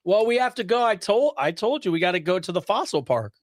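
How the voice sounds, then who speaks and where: A man with a fairly high voice reads listener letters slowly and tells relaxed stories. When he quotes people, he puts on playful voices. The sound is dry and close. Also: no room sound. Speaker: podcast co-host reading listener letters. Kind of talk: casual chat.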